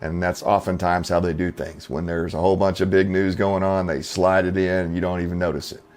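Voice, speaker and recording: A man's voice: low voice, level tone, brisk, darkish tone. A middle-aged man hosting his channel, giving opinionated commentary in a folksy, skeptical way, with rhetorical questions and fillers. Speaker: channel host.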